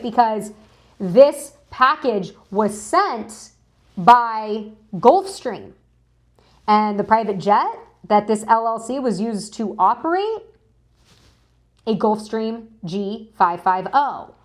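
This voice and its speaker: A woman's voice: mid-range voice, lively intonation, slow pace. A woman hosting a live news stream, chatting casually and greeting viewers in chat as she talks through documents. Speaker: livestream news host.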